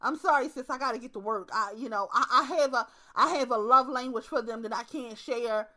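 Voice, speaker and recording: Young woman host, high bright voice, profane and lively storytelling monologue. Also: fairly quick, a little hiss or hum. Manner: profane, animated storytelling with acted asides. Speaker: channel host. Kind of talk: casual monologue to camera.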